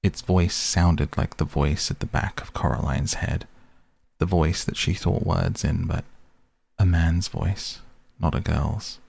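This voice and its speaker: A man reading a storybook aloud as narrator, in a slow, measured way. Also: deep voice, fairly even intonation, gravelly, a little mellow, slightly rough, dry recording. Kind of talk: audiobook reading.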